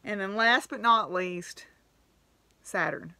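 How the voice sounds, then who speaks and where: In a dry recording, a knitting podcast host talks slowly in a mid-range, sharp-toned voice. Addressing the camera casually, she gushes thanks, laughs, and lets out frequent exclamations.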